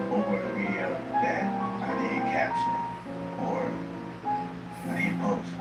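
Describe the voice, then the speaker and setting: A man casually defending himself in a social media clip, slangy and insistent. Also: sits low. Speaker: content creator. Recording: echoey distant clip over loud guitar music.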